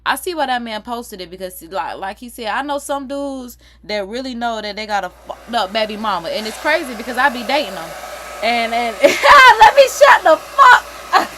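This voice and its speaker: Background noise surrounds a slightly high, fairly quick female voice. The woman, in her 30s, hosts a livestream of animated, casual gossip, swearing and breaking into laughter between tales.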